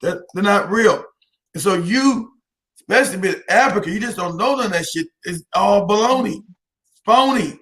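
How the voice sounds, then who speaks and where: A man's voice: high-pitched, animated, normal speed, fairly bright tone. A man from the United States talking as an interview guest, emphatic, repeating himself and laughing between points. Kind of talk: heated interview talk.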